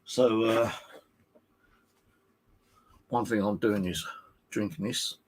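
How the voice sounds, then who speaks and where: A husky, somewhat low-voiced man vents from his flat in a loose, rambling monologue. He swears freely and sounds fed up with the people around him. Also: slow pace. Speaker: vlogger. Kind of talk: casual monologue to camera. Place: home flat indoors.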